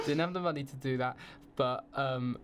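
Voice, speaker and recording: A man's voice: a little high, slight background noise. A young man in his twenties with an English accent, a student guest chatting animatedly on a podcast with lots of fillers. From England. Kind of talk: casual podcast chat.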